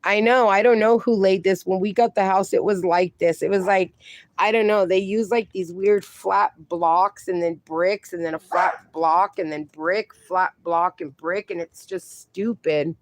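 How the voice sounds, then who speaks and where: Affectionate woman livestream host, mid-pitched voice, dry close sound, calls everyone darling. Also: fairly even intonation, unhurried, no echo. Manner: chatty, affectionate, calls viewers darling and honey. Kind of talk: casual livestream chat, reading chat aloud.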